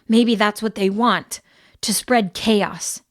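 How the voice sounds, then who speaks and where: A woman's voice: mid-range voice, fairly even intonation, slow pace, natural voice. Woman narrator doing a worried villager, grim and warning.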